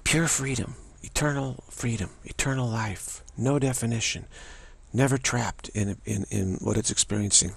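A man giving a reflective spiritual monologue as a teacher, speaking haltingly and often repeating words and restarting. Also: medium pitch, creaky, breathy edge.

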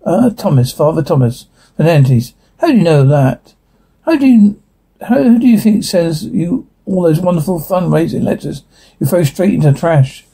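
A man's voice: a little high, animated, moderate pace, vocal fry, dark tone, slightly rough, heavily acted. A man voicing a friendly male parish priest who talks in an easygoing, joking way. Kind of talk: dramatic reading of a transcript.

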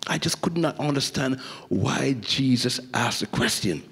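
A middle-aged man preaching a sermon as a guest preacher, swinging from animated storytelling to hushed intensity. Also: medium pitch, measured pace, vocal fry, slightly rough. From Jamaica. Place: church sanctuary. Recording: echoey church hall.

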